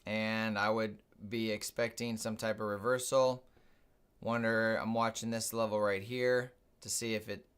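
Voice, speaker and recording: A man's voice: fairly low pitch, little pitch movement, measured pace, fairly bright tone, smooth. A man hosting a live trading stream, casually thinking aloud and explaining his moves as he watches the charts.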